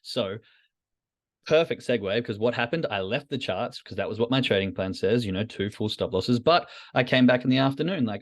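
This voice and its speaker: A man's voice: lowish voice, normal speed. A man hosting a podcast, talking candidly and self-critically to a live chat, often repeating phrases for emphasis. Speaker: trading podcast host. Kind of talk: reflective solo talk to a live chat.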